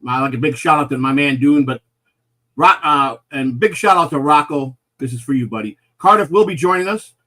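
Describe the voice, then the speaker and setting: Hosting a live comedy talk show, this man talks casually, full of fillers and restarts, and rambles along. His voice sits on the high side and is bright and forceful, moving a little fast.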